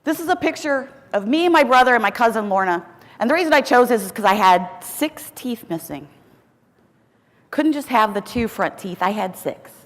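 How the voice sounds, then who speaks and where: A middle-aged American woman giving a keynote speech, telling her story with a lively, humorous manner. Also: medium pitch. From United States. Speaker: keynote speaker. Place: large conference hall. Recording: long reverb of a large hall.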